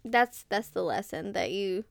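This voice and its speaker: A young woman co-hosting a podcast in casual chat, talking in a lively way and acting out quotes. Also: medium pitch, a little slow, creaky, no room sound. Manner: chatty, animated, acts out quotes. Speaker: podcast co-host.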